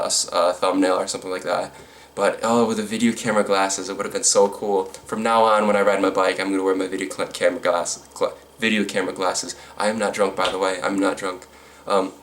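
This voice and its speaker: A man telling a storytime vlog, rambling with lots of fillers and restarts, with a sarcastic edge. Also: deep voice. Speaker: vlogger.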